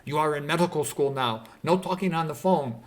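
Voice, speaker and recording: A man's voice: on the high side, brisk, close to an everyday voice. A man voicing a friend's strict mother, giving stern commands.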